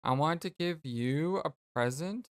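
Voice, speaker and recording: A let's play host voicing a gentle, polite young alien girl who speaks slowly and formally, reading game dialogue aloud. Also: mid-range voice, expressive, no room sound, clean studio sound. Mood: earnest. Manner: slow, formal, careful speech.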